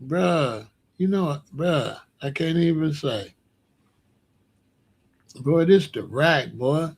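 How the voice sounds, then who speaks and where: Man, high voice, casual online rant, mocking, animated, laughing. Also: slow, gravelly, husky. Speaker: online commentator. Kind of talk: casual ranting commentary.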